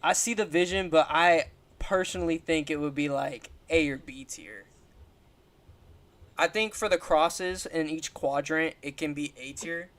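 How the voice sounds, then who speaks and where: A man's voice: a little high, measured pace, a bit bright. A young man hosting a casual chat, joking and slangy. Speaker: host.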